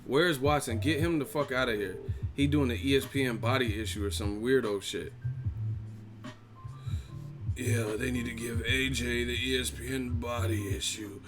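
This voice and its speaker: A man hosting a boxing live stream, reading chat comments and mocking them in a casual, profane, animated way. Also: medium pitch, moderate pace, over music.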